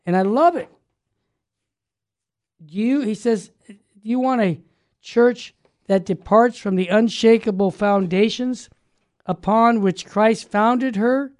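A man hosting a religious talk radio show, teaching with fervent emphasis that builds to loud exclamations. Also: sits high, takes it slowly, pauses often.

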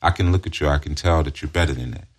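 A man with a very deep voice voicing a smooth-talking male predator who flatters and coaxes a runaway. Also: rapid-fire. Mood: coaxing. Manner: coaxing, flattering, persuasive.

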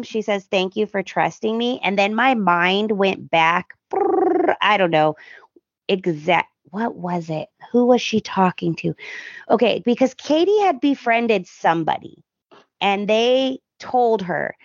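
A woman's voice: medium pitch, slow pace, no echo, dull audio. A woman co-hosting a podcast, chatting casually and acting out characters' lines as she recaps. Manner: animated retelling, acts out characters' lines. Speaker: podcast co-host.

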